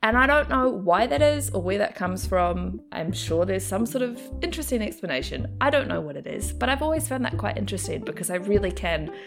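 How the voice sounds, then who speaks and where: A woman's voice: medium pitch, animated, a little fast, creaky, few pauses, soft background music. A young adult woman with a faint New Zealand accent, chatting in an interview and laughing often. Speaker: actor and comedian interviewee. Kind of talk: casual interview chat.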